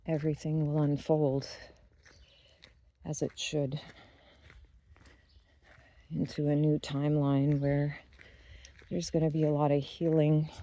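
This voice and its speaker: A YouTube channel host speaking outdoors on a walk by a field, giving a reflective spiritual monologue in an unhurried, musing way with pauses and restarts. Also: medium pitch, mellow.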